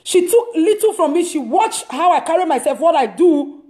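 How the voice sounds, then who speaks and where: A woman's voice: very high voice, lively intonation, normal speed, warm tone. A woman, a preacher telling an emphatic, repetitive testimony on a live stream. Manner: emphatic, repeats words, storytelling. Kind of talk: casual testimony talk. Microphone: live stream device mic.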